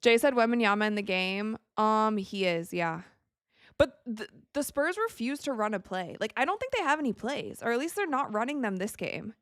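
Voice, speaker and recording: A woman's voice: fairly high pitch, expressive, moderate pace, a bit bright, no room sound, studio quality. A young woman hosting a live watch stream, chatting casually and reacting to the plays as they happen. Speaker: livestream host.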